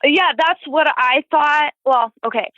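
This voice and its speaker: A woman's voice: high voice, unhurried, sharp tone, dry recording. A woman calling in to tell a story in a casual, rambling way, full of "like" fillers. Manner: rambling, heavy use of "like" fillers. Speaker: guest caller telling a paranormal story. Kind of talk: casual storytelling over the phone. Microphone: phone. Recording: tinny phone line, dry.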